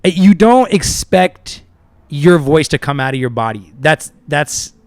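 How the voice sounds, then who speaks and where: A man in his thirties, a podcast host and musician from the southern United States, chatting casually and telling lively stories with loud excited bursts and soft asides. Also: on the high side, takes it slowly, no room sound. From Southern US, Tampa. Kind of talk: casual chat.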